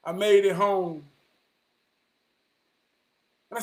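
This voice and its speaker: A man, telling a personal story in an animated, vernacular way. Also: sits high, moderate pace. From Charlotte, North Carolina. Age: 40s. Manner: animated, vernacular, quotes people in dialogue.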